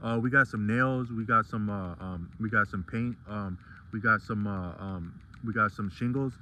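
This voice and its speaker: A man's voice: lowish voice, bright, forceful tone, slight background noise. A man voicing a hardware store clerk who hesitates and hunts for words. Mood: unsure. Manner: halting, searching for words.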